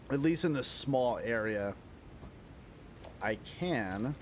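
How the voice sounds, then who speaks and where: A man's voice: lowish voice, a little hiss or hum. A young man chatting casually while streaming a game, rambling, self-deprecating and swearing often. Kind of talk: casual live-stream chat while gaming.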